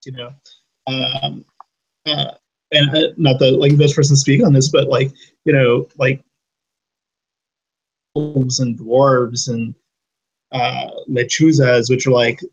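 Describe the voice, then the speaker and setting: A man co-hosting a podcast in casual chat, rambling through animated tangents with many fillers. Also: mid-range voice, takes it slowly, pauses often, dull audio. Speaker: podcast co-host.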